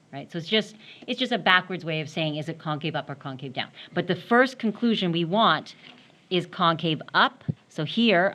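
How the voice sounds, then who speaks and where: A woman's voice: deep voice, a bit bright. A woman math teacher giving a classroom lecture, explaining step by step while she draws and often checking in with "right?".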